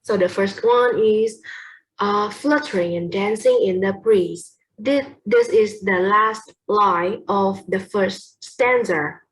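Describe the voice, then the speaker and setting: Slow, hesitant young woman presenting. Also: mid-range voice, low-quality recording. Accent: Vietnamese. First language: Vietnamese. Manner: hesitant, many fillers and self-corrections. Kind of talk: class presentation on poetry.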